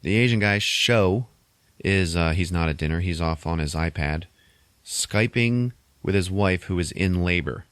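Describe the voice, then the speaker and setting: A man casually recapping a film's plot on a podcast, loose and wry, swearing and tossing in quick mock voices for the characters. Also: low-pitched, clear, resonant tone, no room sound. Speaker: podcast host recapping a film. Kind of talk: casual chat.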